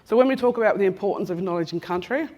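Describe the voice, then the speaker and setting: An Australian woman in her fifties talks to a large conference room in a loose, joking way, calling out to people in the audience as she wanders among them. Her voice sits at an ordinary middle pitch, and her delivery is full of filler ums and friendly teasing. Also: racing, a little mellow. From Western Australia. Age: 50s. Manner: chatty and teasing, addresses people in the room directly, many "um"s. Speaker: conference speaker giving an Acknowledgement of Country. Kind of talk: casual, joking talk to a live audience.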